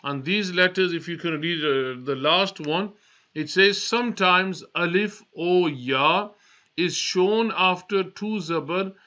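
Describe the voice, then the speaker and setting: A man teaching a Quran reading lesson, spelling out letter sounds slowly and repeating each one for learners to copy. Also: sits high, pushed and bright. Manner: often says religious phrases between steps. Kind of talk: slow spoken lesson, spelling Arabic letters aloud. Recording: dull lo-fi recording.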